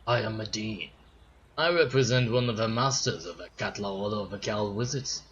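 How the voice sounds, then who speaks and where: A man voicing a formal, measured male messenger for a wizard order in a fantasy game. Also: lowish voice, a bit bright, muffled recording, slight background noise, close to an everyday voice.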